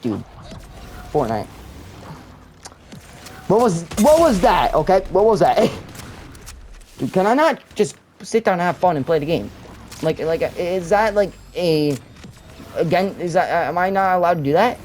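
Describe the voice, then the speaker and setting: A man's voice: high voice, expressive, measured pace, pauses often, a little mellow, poor audio. Rambling young man complaining over gameplay. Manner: rambling, complaining, many fillers and restarts. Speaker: gamer. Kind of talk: gameplay commentary. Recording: faint game noise and gunfire behind.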